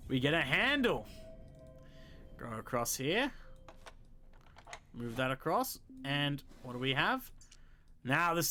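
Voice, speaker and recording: Man, game walkthrough host, high bright voice, casual thinking-aloud commentary with jokes. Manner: chatty, thinks aloud, jokey asides.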